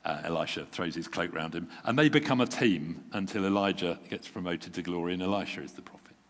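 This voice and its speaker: A man preaching a sermon in a relaxed, conversational way, self-deprecating and chuckling now and then, sounding tired. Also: low-pitched, a little fast. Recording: long reverb from a large hall.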